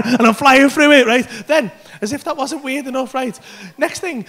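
A man doing an animated, sweary stand-up routine in a comedy club, with loud outbursts. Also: very high-pitched, a little fast, creaky.

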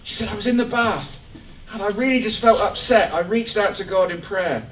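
A man preaching a lively, joking sermon to his church congregation. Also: sits high, a little fast, a little hiss or hum. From England. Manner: animated, joking, rising excitement. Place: church hall. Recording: echoey church hall from far off.

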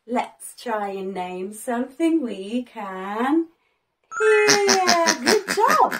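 A woman teaching toddlers in a learning video, slow and sing-song, with big gasps and constant praise. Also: a little high, very animated, over a noisy crowd.

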